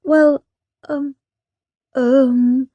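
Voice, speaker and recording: A woman's voice: high-pitched, fairly even intonation, very slow, dark tone, dry recording, lo-fi sound. A woman voicing a well-behaved little boy who is eager and earnest.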